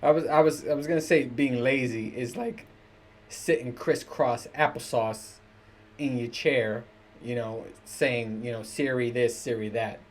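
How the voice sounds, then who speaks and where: A podcast host in his thirties rants casually to the camera on his own, cursing, joking and laughing often. His voice is mid-range with a fairly even intonation, and he takes his time.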